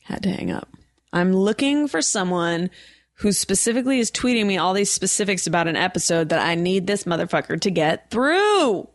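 A woman's voice: mid-range voice, very animated, moderate pace, no echo, studio quality. A woman hosting a call-in podcast, chatting casually with callers in a wry, rambling way. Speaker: podcast host taking calls. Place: California.

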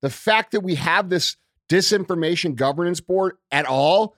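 A fired-up man holds forth on a talk show, his voice sitting a little high for a man. He swears freely and drives each point home in a heated rant. The sound is dry and close, with no room around it. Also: normal speed, a bit bright, no room sound. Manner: heated, profane ranting. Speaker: podcast co-host. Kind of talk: casual political talk.

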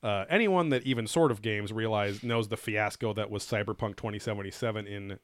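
A man's voice: on the low side, brisk. A man co-hosting a casual podcast chat, rambling and profane with lots of filler words. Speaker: podcast co-host.

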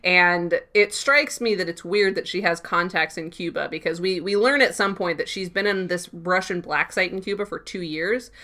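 A woman's voice: lowish voice, moderate pace, few pauses, sharp tone. A woman co-hosting a podcast, chatting casually and laughing as she recaps a TV episode. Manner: laughing, recapping with playful quoted voices. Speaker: podcast co-host.

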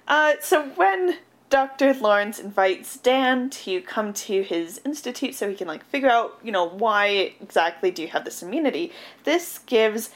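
A woman with a high-leaning voice and lively intonation speaks at a normal speed. Co-hosting a casual podcast chat, she recaps a film plot in a chatty, giggly way, peppered with fillers and laughs.

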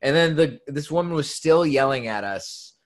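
Animated, swearing young man telling club stories. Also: a little high, normal speed. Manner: animated storyteller, swears freely, quotes people in lively bursts. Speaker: former comedy club staffer. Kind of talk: casual podcast chat.

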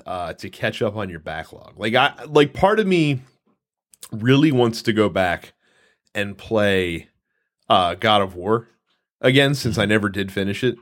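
Lively, chatty male podcast host. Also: lowish voice, a little slow. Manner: chatty, lots of fillers and restarts. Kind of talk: casual chat.

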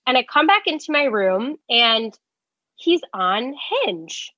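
High-voiced woman telling a lively story. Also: slow, dry recording, muffled recording. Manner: animated, acts out quotes, many "like"s. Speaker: guest telling a dating story. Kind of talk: casual storytelling.

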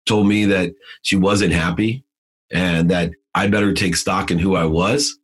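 A man's voice: deep voice, steady tone, measured pace. A middle-aged man telling his life story in an emphatic, motivational way, in short punchy phrases. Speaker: guest.

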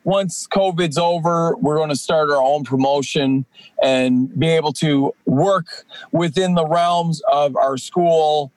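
A man's voice: fairly high pitch, fairly even intonation, slow, darkish tone, no room sound, poor audio. A man in his forties, a professional wrestler guesting on a podcast, talking casually and rambling with many fillers and restarts. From Atlantic Canada.

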